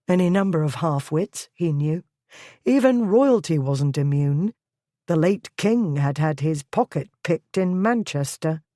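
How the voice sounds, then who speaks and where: An audiobook narrator giving a measured, even scripted reading of a historical romance. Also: medium pitch, no room sound, clean studio sound.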